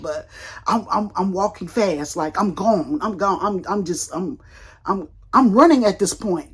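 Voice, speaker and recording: An older woman vlogging, telling a long story in a colloquial, animated way and acting out the people in it. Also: fairly low pitch, breathy edge. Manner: colloquial, rambling with restarts. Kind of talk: casual storytelling vlog.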